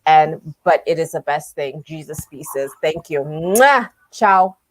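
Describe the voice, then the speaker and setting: A woman hosts her podcast from a video call, gushing and warm in her praise. Her sentences tumble out with frequent restarts and bursts of enthusiasm. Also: low voice, animated, slow, a little hiss or hum. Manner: effusive, gushing, restarts a lot. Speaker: podcast host. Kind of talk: casual chat.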